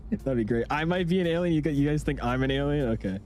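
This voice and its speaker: A young man streaming a flight simulator, chatting casually in an excitable, rambling way full of slang. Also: on the high side, brisk, faint music behind. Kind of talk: casual livestream chat.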